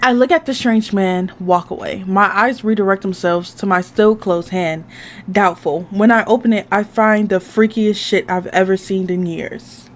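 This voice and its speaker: A woman's voice: medium pitch, steady tone, moderate pace, a little hiss or hum. A woman hosting a gaming channel, reading a dating game aloud in the first person, with casual asides.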